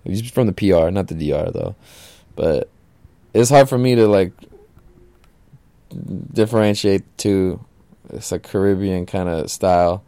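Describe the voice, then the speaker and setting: A man's voice: low voice, measured pace, gravelly, pauses often, warm tone, dry recording. A man hosting a podcast alone, talking casually in a laid-back, slangy, profane way. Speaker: podcast host. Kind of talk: casual solo podcast monologue.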